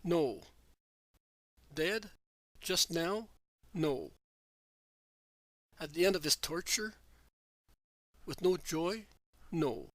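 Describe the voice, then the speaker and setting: Man, earnest measured narrator for a devotional reading; slightly higher voice, dry. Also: expressive, dry recording. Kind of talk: scripted narration of a religious text.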